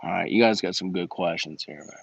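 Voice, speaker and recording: A man's voice: low-pitched, brisk, vocal fry, dry recording. A man hosting a casual livestream Q&A and coaching business owners in slangy, emphatic talk that repeats his points.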